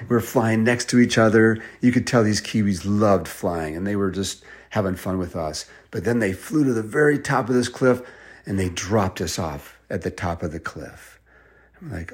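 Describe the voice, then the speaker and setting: A man telling an improvised bedtime story. He jumps into high, excited voices for the characters and drops to a hushed tone at the tense parts. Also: normal speed. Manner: drops to a soft, hushed voice at suspenseful moments.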